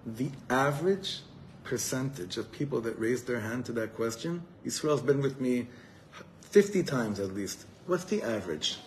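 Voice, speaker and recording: An earnest rabbi speaks to a live evening crowd in a mid-pitched male voice. He talks heartfelt and unscripted, stumbling over repeated words and dropping Hebrew terms as he goes. A faint hum of room noise sits behind him. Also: lively intonation, moderate pace, a little mellow, poor audio. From Los Angeles, USA. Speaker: rabbi giving a talk. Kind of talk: live inspirational talk to a gathering. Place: evening gathering before a live audience.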